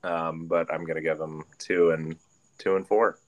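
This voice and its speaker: A man's voice: very deep voice, flat delivery, normal speed, dull audio. A man co-hosting a casual sports podcast, rambling and correcting himself as he jokes about his team. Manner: rambling, self-correcting, jokey. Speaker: podcast co-host.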